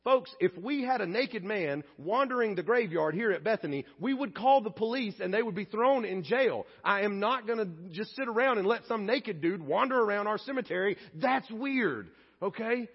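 A male pastor preaching a sermon in an animated, conversational way that sometimes drops to a hushed tone. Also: sits high, normal speed, husky. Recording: echoey hall, dull lo-fi sound.

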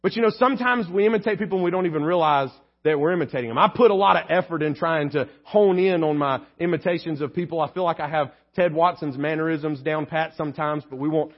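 A man's voice: on the high side, fast talker, few pauses, lo-fi sound. A pastor preaching a sermon in an earnest, joking storytelling way, often repeating words as he goes.

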